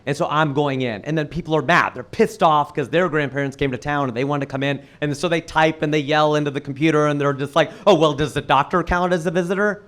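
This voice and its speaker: A man performing a stand-up comedy set, with animated punchline delivery and acted-out quoted voices. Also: a little high. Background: audience laughter.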